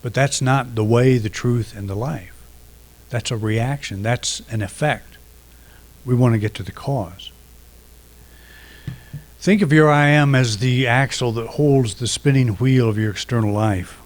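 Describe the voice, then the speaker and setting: A middle-aged man giving a reflective sermon, unhurried, pausing often and restarting phrases. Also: medium pitch. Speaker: minister.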